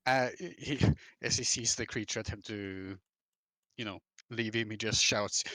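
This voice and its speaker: A man playing a tabletop role-playing game on a stream, relaxed as he describes his character's attacks and chuckles often. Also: medium pitch, measured pace, no echo. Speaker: player. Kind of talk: casual tabletop play on stream.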